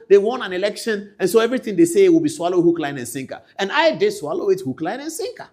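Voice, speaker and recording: A Ghanaian man giving animated political commentary, swinging between loud outbursts and quiet asides. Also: high-pitched, fast talker, few pauses.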